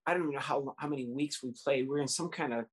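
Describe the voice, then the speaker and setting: A podcast co-host chatting in a relaxed, conversational way and laughing along. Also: medium pitch, racing, husky. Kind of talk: casual chat.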